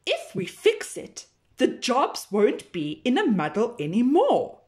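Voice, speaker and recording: A woman voicing an excitable, spoiled male pig in a children's storybook reading, with a chirpy, eager manner. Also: a little high, slow, exaggerated voice.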